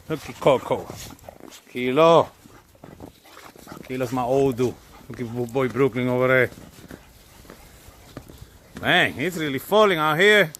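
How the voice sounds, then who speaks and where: A man in a snowy backyard, talking slowly and fondly to his dogs as he films them, with dogs playing in the background. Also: medium pitch, a bit bright, a little hiss or hum. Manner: slow, fond, talks to his dogs. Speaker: dog owner filming his dogs. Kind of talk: casual handheld commentary.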